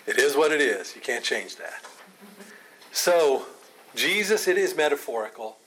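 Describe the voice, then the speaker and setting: A man's voice: medium pitch, expressive, measured pace, fairly bright tone, slight background noise. A man leading a Bible study, explaining Scripture in a conversational way and often asking rhetorical questions.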